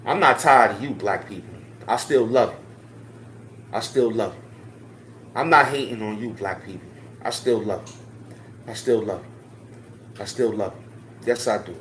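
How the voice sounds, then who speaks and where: With a fairly low, slightly bright voice, an online commentator speaks at a moderate pace and pauses often. He offers impassioned, slangy social commentary to his viewers, repeating points for emphasis, over slight background noise and a roomy echo.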